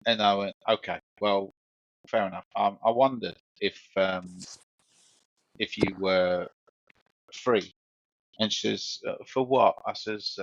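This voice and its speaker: Male podcast co-host, lower voice, rambling and sweary, dry close sound. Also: a bit bright, no room sound. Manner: rambling, swears, repeats himself. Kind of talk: casual storytelling chat. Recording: dull lo-fi sound.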